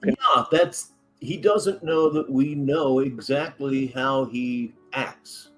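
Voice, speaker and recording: A man's voice: mid-range voice, takes it slowly, faint music behind. A man hosting reaction commentary, sarcastic, mocking and crude. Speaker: commentary host.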